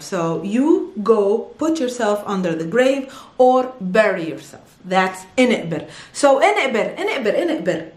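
Laughing Arabic teacher woman in an echoey room. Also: high voice. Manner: playful, laughs often, switches between English and Arabic. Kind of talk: casual online language lesson.

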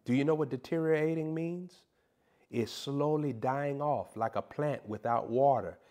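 A man's voice: mid-range voice, normal speed, warm tone. A man preaching a sermon in a comedic, playful way, teasing and mock-scolding his listeners.

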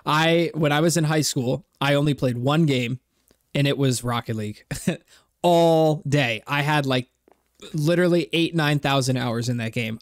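A young man in his twenties speaks candidly to his viewers, thinking out loud in a reflective, rambling way with plenty of fillers and soft laughs. His voice sits at an ordinary middle pitch and is recorded dry and close, with no room echo. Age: 20s. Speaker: content creator. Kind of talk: candid personal vlog talk.

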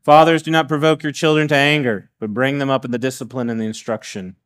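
A middle-aged man giving a sermon as guest preacher, animated, with frequent restarts and acted-out asides. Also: medium pitch, fast, smooth. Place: church sanctuary.

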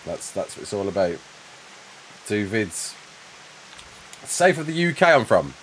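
Chatty Black Country streamer, lively pitch. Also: male voice, a little slow, slight background noise. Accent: Black Country English. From Black Country, England. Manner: chatty and self-mocking, thanks donors with mate and son. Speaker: livestreaming game builder. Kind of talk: casual livestream chat reading donations and chat.

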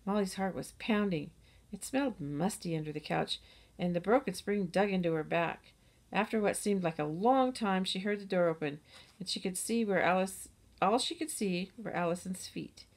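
A woman reads a children's chapter book aloud with a steady storytelling pace. Her voice sits a little low and stays even. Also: moderate pace. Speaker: narrator.

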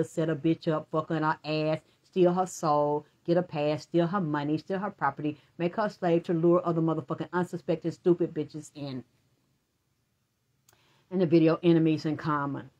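A woman in a rambling personal rant, profane and accusatory, talking to absent people in long run-on streams. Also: sits low. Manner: addresses absent people directly.

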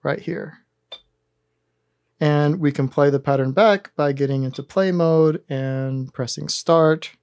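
Calm, methodical man explaining synth steps. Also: on the high side, slow pace, smooth, no room sound. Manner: calm, methodical, talks through each button press. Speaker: synthesizer tutorial host. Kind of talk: step-by-step instructional demonstration.

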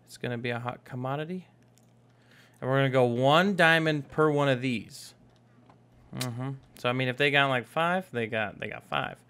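A man's voice: medium pitch, moderate pace, fairly bright tone, clear, resonant tone. Young male let's-player, casual and rambling, self-correcting, jokey. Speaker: gaming YouTuber. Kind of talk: casual Minecraft let's play commentary.

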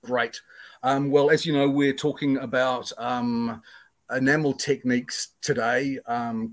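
A man with a New Zealand accent hosting a casual panel discussion over a video call, thoughtful and relaxed, with many pauses and ums. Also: medium pitch. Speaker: host.

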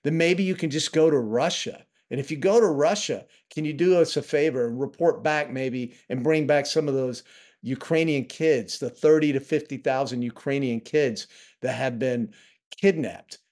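A man's voice: mid-range voice, moderate pace, darkish tone. Sarcastic man vlogging from home office. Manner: sarcastic, indignant. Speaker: travel vlogger. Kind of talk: casual to-camera commentary.

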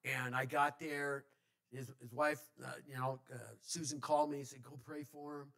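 A man's voice: medium pitch, flat delivery, normal speed, fairly bright tone. A male pastor telling a personal story in a conversational sermon, with many restarts. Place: church.

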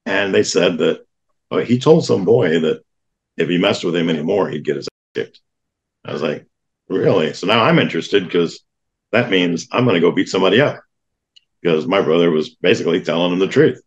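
Deep gravelly man telling a story. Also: moderate pace, lo-fi sound. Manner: animated storyteller who acts out quoted voices. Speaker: podcast guest. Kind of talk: telling a personal story in an interview.

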